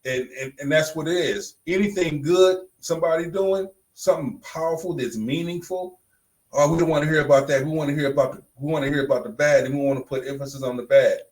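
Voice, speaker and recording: A man's voice: a little high, quick pace, darkish tone, rough recording. A man co-hosting a podcast in casual chat, blunt and emphatic, repeating phrases for punch. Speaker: podcast co-host.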